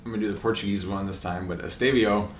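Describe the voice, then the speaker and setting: A man with a low voice and a steady tone co-hosts a podcast, rattling off soccer transfers at rapid-fire speed. He sounds casual and enthusiastic and laughs often, in an echoey room with faint noise.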